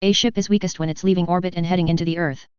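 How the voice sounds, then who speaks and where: A woman voicing a young male mech pilot with a calm, matter-of-fact manner, on a dull, dry recording. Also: fairly low pitch, racing, smooth, no echo, natural voice.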